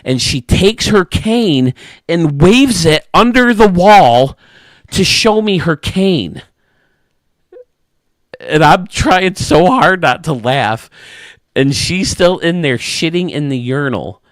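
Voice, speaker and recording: The host of a gaming channel casually tells his viewers a funny anecdote, animated and chuckling as he goes. His voice is on the high side and he takes it slowly, captured with clean, dry studio sound.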